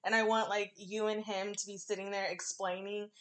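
A woman's voice: mid-range voice, flat delivery, normal speed, fairly bright tone. A woman hosting a podcast, chatting in a crude, giggly, rambling way. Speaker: podcast host. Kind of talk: casual chat.

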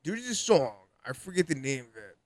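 A man's voice: on the high side, big pitch swings, fairly quick, no echo. Rambling young man on a podcast. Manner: rambling, laughs often, heavy use of "like". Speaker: podcast co-host. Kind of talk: casual chat.

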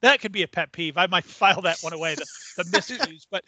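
A middle-aged man co-hosting a casual sports podcast, talking in a measured, thoughtful way. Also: high-pitched, pushed and bright, no room sound. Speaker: podcast co-host.

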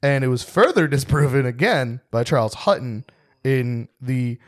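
A man's voice: mid-range voice, normal speed. A young man co-hosting a podcast in casual chat, joking around and laughing often. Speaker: podcast co-host.

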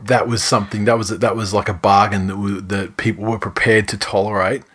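A man's voice: on the low side, little pitch movement, brisk, a bit bright, husky. A man, co-hosting a sports podcast in casual, sweary, rambling chat. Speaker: podcast co-host.

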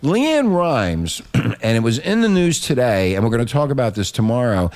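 A man's voice: medium pitch, very animated, moderate pace, darkish tone. A man hosting a radio talk show, rambling and profane in loose banter.

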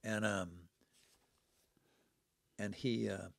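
A man's voice: on the low side, little pitch movement, drawn-out words, vocal fry, fairly bright tone, no room sound. A man in his seventies, a podcast guest, telling stories in conversation and acting out the people he quotes. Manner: dramatic storyteller who acts out the people he quotes. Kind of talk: storytelling in conversation.

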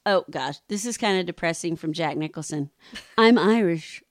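A woman's voice: low voice, fairly quick, dry recording, studio quality. A woman co-hosting a casual podcast, running trivia questions and laughing often between remarks. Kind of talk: casual chat.

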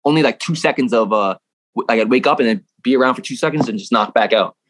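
A man's voice: medium pitch, fast, fairly bright tone, dry recording. A young man telling a personal story in a casual interview, rambling and cursing freely, laughing now and then. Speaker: guest.

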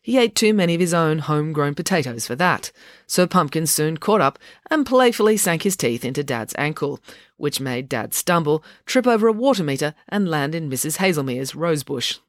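In this storybook narration, a lively host relishes reading a children's book at normal speed, then turns to talk straight to the kids listening. The middle-pitched voice is captured close and dry, with no echo and no room sound at all.

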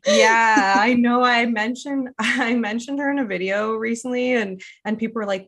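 Chatty woman, quick laughs. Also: on the high side, a bit bright. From Quebec. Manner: chatty, lots of "like", laughs often. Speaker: podcast co-host. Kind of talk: casual chat.

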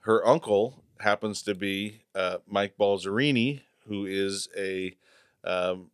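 A middle-aged man and parent chatting casually on a family podcast, pausing and restarting with many fillers. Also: lowish voice, clean tone, no echo, studio quality.

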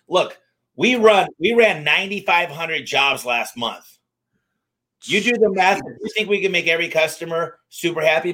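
A man who owns a service company, telling lively anecdotes in a casual interview and acting out the dialogue. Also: a little high. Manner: energetic, fast-moving anecdotes with acted-out dialogue. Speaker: garage door company owner, guest.

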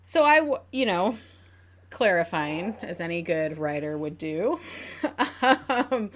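Giggly, lively woman podcast co-host. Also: on the low side, slow. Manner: animated storyteller, giggly, many fillers. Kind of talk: casual podcast chat.

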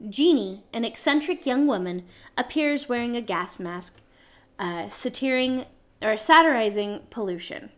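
A woman's voice: a little high, expressive, measured pace. A woman co-hosting a podcast, reading out a show synopsis from a script with small slips and self-corrections. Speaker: podcast co-host.

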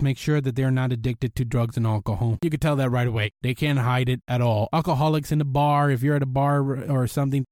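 A man hosting a podcast, giving blunt, animated dating advice in a casual monologue and swearing freely. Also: medium pitch, no room sound, clean studio sound. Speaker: podcast host.

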